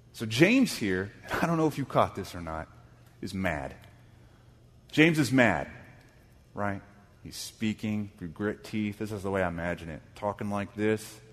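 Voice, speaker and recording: A man preaching a sermon as pastor, reading scripture dramatically and rising to loud, emphatic bursts. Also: medium pitch, in a large hall. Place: church sanctuary.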